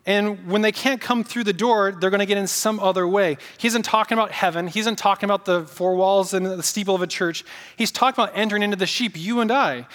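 A man's voice: sits high, fast, fairly bright tone, in a large hall. A male pastor preaching a sermon, emphatic, repeating key points and asking the congregation questions.

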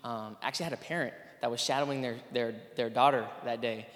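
A man of average pitch gives an earnest, casual testimony to a listening crowd. He keeps circling back with fillers and restarts as he talks. His voice rings out with a long hall reverb behind it. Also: fairly even intonation, fast talker, fairly bright tone. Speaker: PE teacher. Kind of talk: spoken testimony to an audience.

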